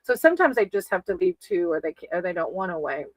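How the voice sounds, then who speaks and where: A woman's voice: on the low side, sing-song, quick pace, no room sound, low-quality recording. A woman giving casual live-stream tarot readings, chatty and affectionate, calling her viewers sweetie and baby. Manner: chatty, reads names off a list.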